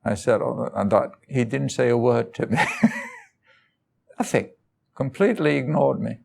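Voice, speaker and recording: A man's voice: mid-range voice, wildly swooping pitch, unhurried, gravelly, a little mellow, husky. A man giving an informal talk, telling personal stories in loose, conversational phrasing and chuckling often. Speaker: guest speaker.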